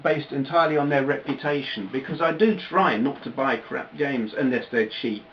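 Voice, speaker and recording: A man's voice: medium pitch, normal speed. A man chatting casually in a vlog, rambling and breaking off his own sentences with lots of fillers. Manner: rambling, self-interrupting, chatty with frequent fillers. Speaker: retro gaming YouTuber. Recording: slightly dull lo-fi audio with faint background noise.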